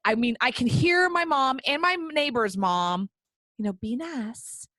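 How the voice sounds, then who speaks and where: A woman hosting a casual interview, animated and self-deprecating, repeating her phrases for emphasis. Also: high voice, a little slow, dry recording. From American South. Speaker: host.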